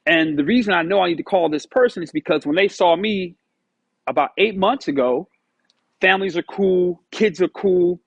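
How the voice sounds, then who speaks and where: A man giving a casual motivational monologue, animated and storytelling, acting out his own past dialogue. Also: high-pitched, normal speed, no echo, dull audio. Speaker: motivational vlogger.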